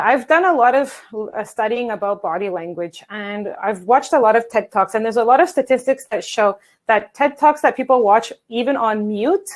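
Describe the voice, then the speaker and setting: Energetic woman coaching viewers, fairly high voice. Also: rough recording. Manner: energetic, chatty, addresses viewers as guys. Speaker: English coach and presenter. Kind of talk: online workshop talk. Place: home office at a standing desk. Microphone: video call.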